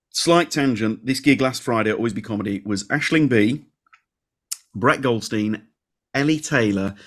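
A man co-hosting a comedy podcast, chatting casually and reading out listener emails with self-deprecating asides. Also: on the low side. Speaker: podcast co-host.

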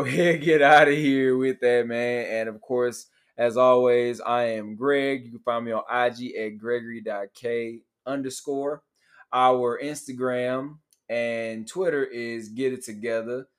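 A man's voice: medium pitch, unhurried. A young man hosting a casual podcast, laid-back, swearing and laughing easily. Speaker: podcast host. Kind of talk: casual chat.

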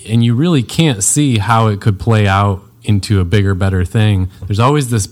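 A man hosting an interview podcast, reflecting thoughtfully and hopefully in a relaxed conversational way. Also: fairly low pitch, normal speed. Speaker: podcast host.

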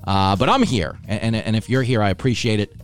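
A man's voice: lowish voice, a little fast, smooth, faint music behind. A man from Long Island, hosting a casual comedy show, joking and sarcastic about himself and the news. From Long Island, New York. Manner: joking, sarcastic, self-deprecating. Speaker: podcast host.

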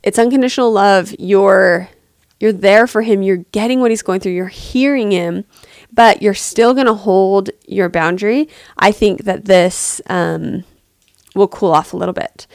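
Gentle, empathetic woman advising parents. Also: mid-range voice, measured pace, no echo, clean studio sound. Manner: gentle, empathetic, thinks aloud with fillers. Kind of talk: podcast advice answer.

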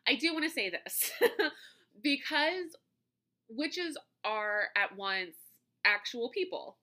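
A woman with a very bright, ringing voice hosts her solo podcast. She talks in a loose, chatty way with a light lilt. She laughs often and sometimes trips over her words. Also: sits high, lively intonation, takes it slowly. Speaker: podcast host. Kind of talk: casual solo podcast talk.

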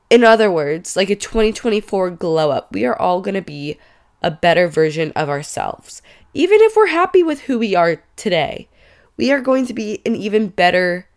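Congested young woman chatting on a podcast. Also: lowish voice. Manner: chatty and emphatic, rising to exclaim in mock outrage. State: congested from a cold. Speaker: podcast host. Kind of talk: casual solo podcast chat.

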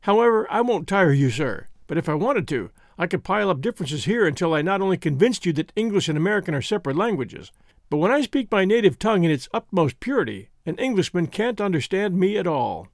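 Lively high-voiced man reading dryly. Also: fast, no room sound, studio quality. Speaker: narrator reading a classic essay. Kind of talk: scripted narration.

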